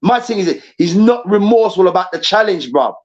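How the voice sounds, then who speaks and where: A man's voice: high-pitched, animated, a little fast. A man hosting a football debate show, ranting angrily and profanely and hammering his points with repetition. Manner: angry, profane, emphatic repetition. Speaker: host. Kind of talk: heated football debate rant. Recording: dull lo-fi sound.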